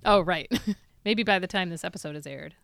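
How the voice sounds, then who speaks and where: A woman's voice: fairly low pitch, normal speed, gravelly, a bit bright, no echo, clean studio sound. A woman co-hosting a podcast in casual chat, playful and laughing often as she banters. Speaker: podcast co-host.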